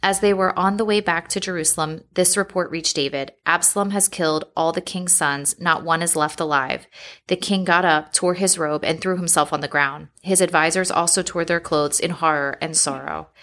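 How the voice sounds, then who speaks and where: A woman reading scripture passages in a steady, measured storytelling manner. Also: on the low side. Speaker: scripture reader.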